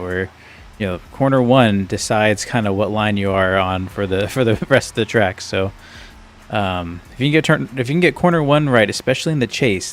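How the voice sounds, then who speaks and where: A man hosting a live online drift event, commentating the runs and chatting with the drivers in a relaxed, easygoing way. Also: fairly low pitch.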